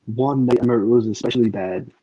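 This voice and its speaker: A man's voice: mid-range voice, very fast, mellow. A man hosting a casual podcast chat, rambling and swearing freely, with plenty of fillers. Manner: rambling and profane, stacked with fillers. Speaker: podcast host. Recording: dull lo-fi recording.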